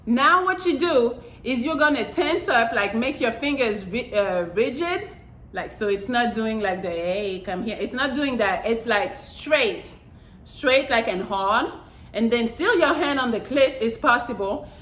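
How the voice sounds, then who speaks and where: A woman's voice: fairly high pitch, animated, unhurried, a bit bright. Blunt, profane woman vlogger. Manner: blunt, profane, repeats "I'm telling you". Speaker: channel host. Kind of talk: casual how-to vlog. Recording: roomy echo.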